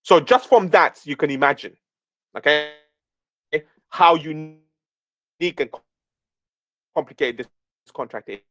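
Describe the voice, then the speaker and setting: A man's voice: a little high, measured pace, pauses often, a bit bright, dry recording. A man leading a community Q&A who talks emphatically and often checks in with "okay?". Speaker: project lead hosting a community Q&A. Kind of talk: casual live-stream talk.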